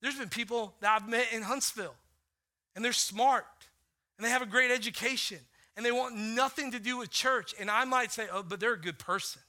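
A middle-aged man preaches a sermon in a loose, chatty style. His voice sits high and sounds very bright. He leans on "like" as he tells a story, going quiet at some moments and turning lively at others. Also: normal speed. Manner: conversational storytelling, many "like" fillers, swings from hushed to animated. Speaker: pastor.

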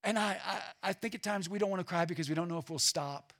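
An earnest man delivers a sermon as pastor, pressing his points with emphasis and then easing into quiet reflection. His voice sits a little high, with a bright, forceful edge and a husky grain. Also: quick pace.

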